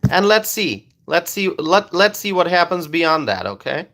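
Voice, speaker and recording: A man's voice: fairly high pitch, very animated, normal speed, sharp tone. A man doing live-stream political commentary into his phone, repeating his points emphatically and asking rhetorical questions.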